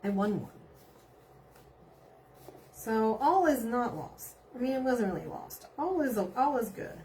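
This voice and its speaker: A woman's voice: on the high side, very animated, measured pace, darkish tone, a little hiss or hum. Bubbly, giggly woman. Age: middle-aged. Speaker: live stream host reading viewer comments. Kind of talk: casual chat.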